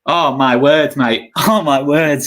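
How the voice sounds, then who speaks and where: A man co-hosting a football watchalong, chatting casually and shouting in excitement at goals. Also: fairly high pitch, takes it slowly. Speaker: watchalong co-host.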